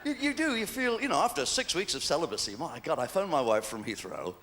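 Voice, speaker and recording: Cheeky older comedian, bright lively voice. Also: male voice, fairly high pitch, fast. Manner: chatty, cheeky, punchline-timed delivery with playful asides. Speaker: stand-up comedian. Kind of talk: live stand-up comedy. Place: large live venue before an audience.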